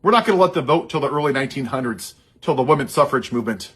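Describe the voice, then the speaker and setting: Heated sarcastic man, husky voice. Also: medium pitch, lively intonation, very fast, fairly bright tone. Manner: sarcastic, heated, mocking asides. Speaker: social media commentator. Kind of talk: impassioned political monologue.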